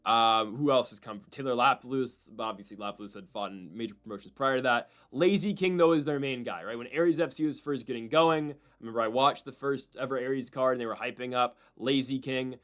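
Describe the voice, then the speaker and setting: Speaking at a medium pitch, a man hosts a solo show forecasting fights for his MMA prediction channel. He's spirited and opinionated, often mimicking other people's voices for a moment.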